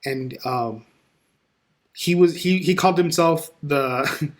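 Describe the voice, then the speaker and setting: A man with a fairly high voice talks casually as a podcast guest. He tells stories with energy, slipping into the voices of the people in them. He speaks close to a podcast microphone. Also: takes it slowly. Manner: animated storyteller who acts out quoted dialogue. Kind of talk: casual conversation.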